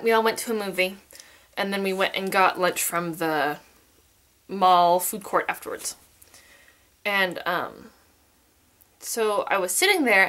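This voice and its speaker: A woman's voice: mid-range voice, a bit bright. A teenage girl vlogging in casual chat, telling stories in a bubbly, theatrical way.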